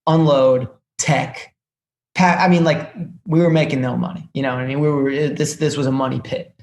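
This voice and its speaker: A young man, a music business executive, talking casually as a podcast guest and telling animated stories with lots of fillers and restarts. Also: mid-range voice, gravelly, slight background noise.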